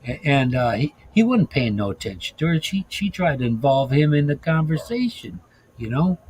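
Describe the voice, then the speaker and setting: A man's voice: a little high, big pitch swings, normal speed, a little mellow, slight background noise, rough recording. A man hosting a casual podcast, telling profane, laughing stories about driving a bus, with lots of restarts. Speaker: podcast host, former bus driver. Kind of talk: casual chat, storytelling.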